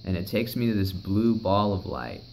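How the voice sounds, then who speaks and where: A man's voice: sits low, animated, normal speed, vocal fry, a little mellow, slight background noise, rough recording. A young man recounting a personal story in a rambling, emotional way, swearing often. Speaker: vlogger.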